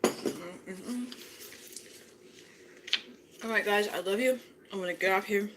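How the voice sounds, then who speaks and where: A woman's voice: mid-range voice, measured pace, noisy background. A woman vlogger chatting casually as she eats breakfast at home, often humming "mm" between her words. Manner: chatty, savoring food aloud with frequent mm sounds. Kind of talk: casual chat while eating.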